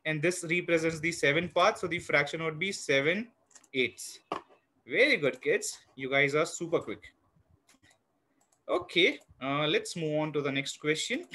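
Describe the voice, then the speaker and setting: A man teaching a live online math class to young children, encouraging and patient, counting parts aloud and filling pauses with "you know", speaking into a computer mic on a video call. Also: fairly high pitch, animated, bright, forceful tone.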